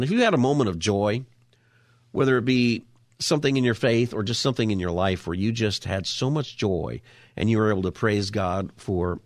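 A man's voice: fairly low pitch, dry recording, studio quality. A man hosting a Christian radio talk show, speaking in an earnest, reflective way with many restarts.

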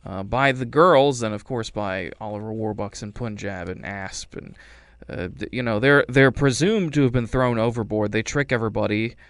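A man's voice: fairly low pitch, normal speed, a bit bright, smooth, no echo. A man casually retelling a movie's plot, rambling and wry, acting out lines in silly voices. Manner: rambling, wry, acts out quotes. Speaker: movie reviewer. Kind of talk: casual chat.

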